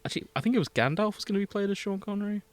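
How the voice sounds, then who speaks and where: A man's voice: sits high, racing, no echo. A man, co-hosting a casual podcast chat and teasing the others. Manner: teasing, quotes film lines. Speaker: podcast co-host.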